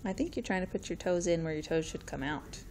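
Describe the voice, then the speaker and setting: A woman's voice: fairly low pitch, animated, fast, darkish tone, soft background music. Woman coaxing a toddler in a sing-song voice. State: sniffly. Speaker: mother. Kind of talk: casual talk to a toddler.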